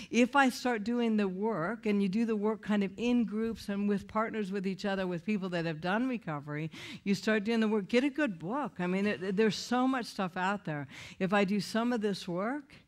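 A woman giving an earnest, candid recovery talk in a conversational way, often restarting her sentences. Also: medium pitch. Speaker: recovery speaker.

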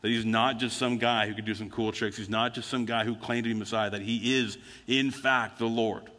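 A lower-pitched man preaching a conversational sermon with a bright, forceful edge to his voice. He tells his stories plainly and slips into the speakers' voices now and then. The sound carries a long reverb from a church hall. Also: level tone, moderate pace. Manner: conversational storytelling preaching with acted quotes. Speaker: pastor. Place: church sanctuary.

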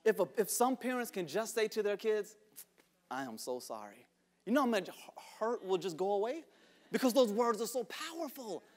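Male pastor, high voice, sermon in a church, soft-to-loud swings, repeats for emphasis. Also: expressive, brisk. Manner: swings from hushed whispers to shouted outbursts. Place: church sanctuary.

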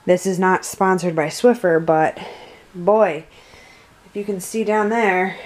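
A woman's voice: medium pitch, a little hiss or hum. A young American woman chatting casually to camera from her bedroom at night, rambling and easygoing. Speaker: vlogger.

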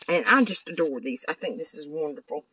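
A woman's voice: deep voice, animated, a little fast, bright, forceful tone, husky, no room sound, distant mic, rough recording. An older woman, chatting casually in a craft vlog and gushing over the things she shows. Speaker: craft vlogger. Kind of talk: casual show-and-tell vlog.

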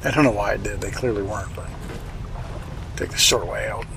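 A man's voice: lowish voice, fairly quick, creaky, background noise. A man casually commenting on his own gameplay, wry and chatty, muttering to himself and swearing now and then. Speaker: let's play host.

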